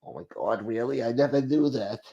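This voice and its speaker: Whiny, dramatic mob daughter, as a man puts her on, gravelly undertone, lo-fi. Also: medium pitch, lively intonation, brisk, mellow, voice pushed down. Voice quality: whiny, melodramatic. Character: whiny, naive middle-aged mob daughter. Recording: muffled lo-fi audio.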